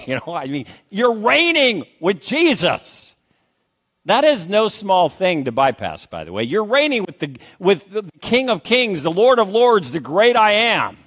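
A man's voice: high voice, very animated, unhurried, a bit bright. An older man preaching a sermon as pastor, emphatic, repeating phrases and calling for amens.

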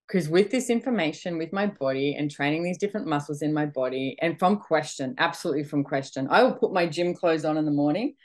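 Low-voiced chatty woman host. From Australia. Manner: chatty, animated, full of quoted self-talk. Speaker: podcast host. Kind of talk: motivational talk to an audience.

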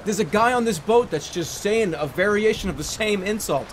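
A man's voice: high-pitched, animated, normal speed. A man in his thirties streaming a game, joking sarcastically with frustrated outbursts. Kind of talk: let's play commentary.

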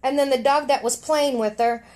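A middle-aged woman reads a story aloud for a podcast and wanders through it casually. She hesitates often and fills gaps with fillers. Her voice sits fairly high. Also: normal speed, a little mellow. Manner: meandering, hesitant, many fillers. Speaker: podcast guest reader.

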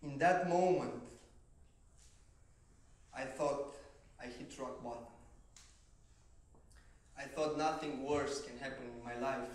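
Slow dramatic man in an echoey hall. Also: medium pitch. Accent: Romanian. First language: Romanian. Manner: slow, dramatic storytelling that swells to shouting at peaks. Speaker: motivational speaker. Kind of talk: personal story speech. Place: large event hall on stage. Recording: echoey hall from far off, faint noise.

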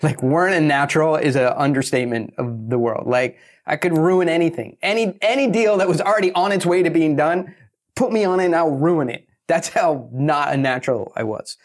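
A man who is a guest on an interview show, telling lively stories and acting out what others said. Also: fairly high pitch, fairly quick. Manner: animated, acts out quotes. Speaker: guest, pitching author. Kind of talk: storytelling interview talk.

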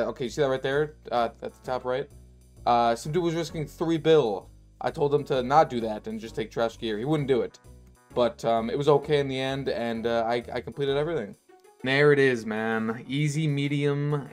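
A man narrates his own gameplay in a loose, casual way, slangy and quick to cheer or complain. His voice sits at an ordinary middle pitch. Faint music plays quietly behind him. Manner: excitable, slangy, swears freely. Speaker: gaming YouTuber. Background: faint background music.

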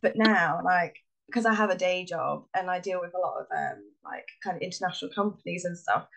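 A woman's voice: lowish voice, lively intonation, fairly quick, gravelly, fairly bright tone, low-quality recording. Chatty English woman, hesitant. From England. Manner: hesitant, lots of ums, laughs easily. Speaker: guest author. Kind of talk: casual podcast chat.

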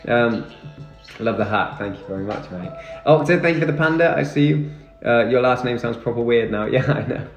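A man's voice: mid-range voice, brisk. Chatty young man, echoey room. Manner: chatty, reads and answers viewer comments. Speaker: livestreamer. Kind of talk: casual live stream chat. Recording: echoey room with music behind.

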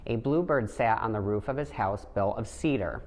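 A man reading a children's picture book aloud in a gentle, steady storytelling manner, putting light voices on the animals. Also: lowish voice, normal speed. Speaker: storybook reader. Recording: long hall reverb.

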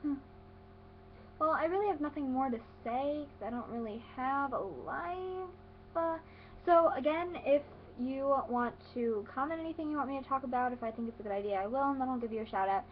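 A woman's voice: high voice, a little fast, highs cut off, a little hiss or hum. A teenage girl vlogging in a sarcastic, rambling way, talking into a webcam. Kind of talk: casual vlog rant.

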